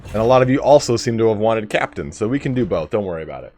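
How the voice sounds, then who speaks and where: A man's voice: lowish voice, lively intonation, fast talker, a little mellow. A man livestreaming a video game, chatting casually to his viewers and explaining the mechanics as he plays. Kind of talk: casual gameplay commentary.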